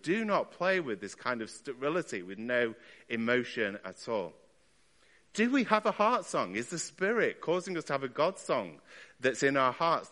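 A man's voice: mid-range voice, bright, forceful tone. Male preacher, chatty sermon delivery, voice ringing in a long church reverb. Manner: conversational, asks the listeners rhetorical questions.

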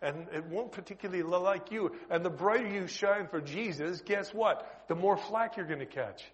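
A middle-aged man with a Canadian accent, preaching a sermon as an Anglican priest and prison chaplain, chatty and lively, swinging between loud bursts and quiet asides. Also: sits high, moderate pace. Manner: lively, conversational preaching with sudden loud bursts and soft drops.

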